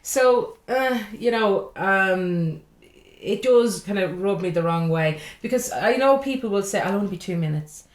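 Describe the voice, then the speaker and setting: A woman's voice: medium pitch, lively intonation, measured pace. A woman with an Irish accent, a comedian guest chatting casually, blunt and full of swearing and laughing asides. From Ireland. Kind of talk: casual chat. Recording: roomy echo.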